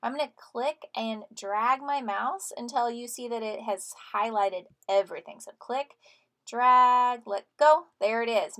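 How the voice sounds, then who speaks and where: A woman teacher talks students through a computer task one click at a time, in a friendly and encouraging way. Her voice sits a little higher than most, and she sounds relaxed as she narrates a screen-recorded tutorial. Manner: friendly step-by-step instructions to students.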